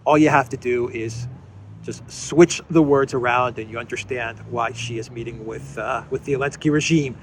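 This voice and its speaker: A man's voice: mid-range voice, fairly even intonation, moderate pace, slight background noise. A man hosting a casual news commentary, talking in a sarcastic, mocking way with frequent hesitations and fillers. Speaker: host of a political commentary channel.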